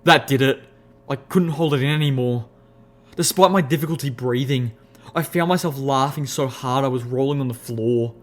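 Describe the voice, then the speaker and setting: In a mid-range voice, a man narrates an audiobook in the first person, telling the story in an expressive, measured way.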